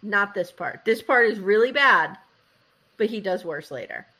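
Speaking at a measured pace and medium pitch, a female co-host chats casually on a podcast about a reality show. She tells it with animation, acts out quoted lines, and peppers her speech with "like."

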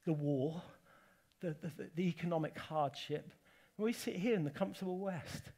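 In a church hall, an Englishman with a fairly high voice preaches a sermon at normal speed. His delivery is emphatic, alternating between forceful declarations and casual, conversational asides to the congregation.

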